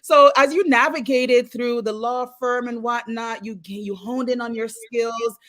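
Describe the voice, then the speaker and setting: A woman's voice: a little high, steady tone, a little slow, fairly bright tone. A middle-aged woman from St. Croix with a Crucian accent, hosting a casual interview with agreeing, reflective remarks. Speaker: host.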